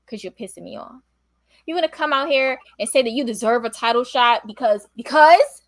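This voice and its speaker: A woman co-hosting a wrestling aftershow, giving blunt, exasperated opinions with sharp retorts in casual chat. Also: high-pitched, no echo.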